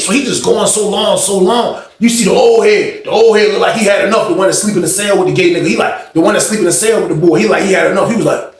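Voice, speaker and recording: Casual male storyteller, high-pitched, slang-heavy and profane, in an echoey room. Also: fast, vocal fry, few pauses. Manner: slangy, animated, profane, lots of fillers.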